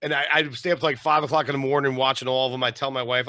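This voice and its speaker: Male host, animated and chatty, bright tense voice, dry close sound. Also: mid-range voice, rapid-fire, few pauses, no room sound. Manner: animated, laughing fan talk. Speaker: podcast host. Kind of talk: casual interview chat.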